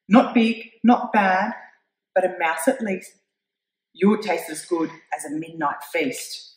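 A woman reading a picture book aloud to children, expressive and pointing things out to her young listeners. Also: medium pitch, a little slow, reverberant, poor audio. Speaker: storyteller.

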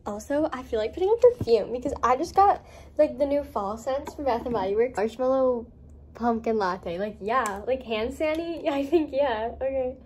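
A woman's voice: high voice, normal speed. A young woman vlogging in a casual, giggly, rambling way, full of fillers, filmed on a handheld camera at home and out on a night walk. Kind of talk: casual vlog chat.

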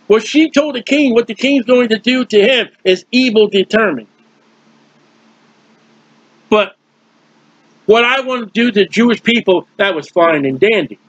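A man's voice: high-pitched, lively intonation, a little slow, pauses often, a bit bright, breathy edge, dry recording, highs cut off. A man teaching through a Bible passage in a conversational way, explaining with everyday comparisons and often restarting his sentences. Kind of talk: informal verse-by-verse Bible teaching.

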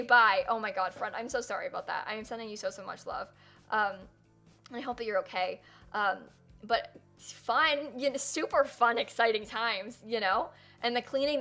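A woman's voice: fairly high pitch, a bit bright. A young woman streaming live, chatting casually and rambling with lots of fillers as she reads chat and thanks viewers.

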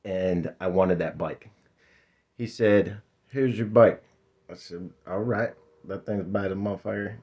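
A man's voice: deep voice, fairly even intonation, measured pace. A man, telling a rambling, profane story in casual vlog chat. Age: 50s. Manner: rambling, laid-back, profane. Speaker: vlogger. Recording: dull lo-fi sound.

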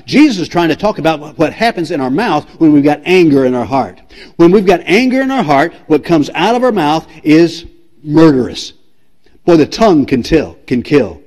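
A man's voice: on the high side, sing-song, moderate pace, a little mellow. A man preaching a sermon as pastor, emphatic and repetitive, asking the congregation direct questions. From United States.

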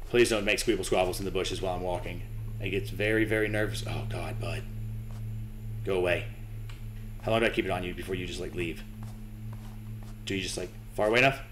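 A young man with a lowish voice talks through a scary game, jittery and cursing as he mutters to himself and taunts what's on screen. A faint hiss of noise sits under his voice. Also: fairly even intonation, a little fast, long pauses, a bit bright. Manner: nervous, swearing, talking to himself and the game. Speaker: gaming channel host. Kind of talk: horror game playthrough commentary.

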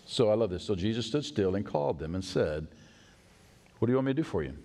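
A male pastor preaching a sermon in a church, animated and acting out the voices of people in the story. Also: on the low side, quick pace. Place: church sanctuary. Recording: long church hall reverb.

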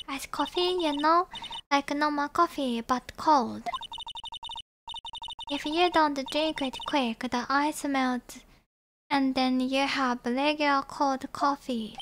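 A woman's voice: sits high, background noise. A woman voicing a haughty, petulant young woman witness in a game, with a huffy, indignant delivery. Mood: smug. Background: background music.

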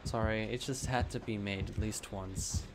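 A man's voice: fairly low pitch, fairly even intonation, normal speed, noisy background. A man playing a co-op game in casual chat, swearing a lot, breaking into panicky outbursts and laughter. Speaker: gaming partner.

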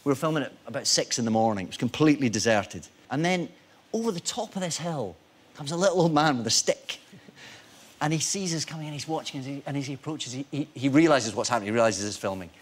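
A man in his forties, an actor guest on a talk show, telling animated anecdotes with self-deprecating humor. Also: mid-range voice, fast talker, husky.

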